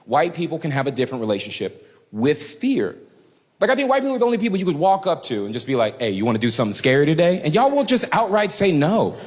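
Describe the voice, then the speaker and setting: A man performing a stand-up comedy routine on a club stage, animated and crowd-baiting, swearing freely and acting out other people. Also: fairly high pitch, quick pace, big-room sound.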